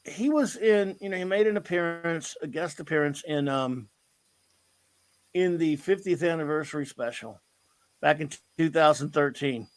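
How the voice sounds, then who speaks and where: A man's voice: fairly high pitch, moderate pace, dry recording. A middle-aged man hosting a casual chat, telling a story in an enthusiastic, rambling way. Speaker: host.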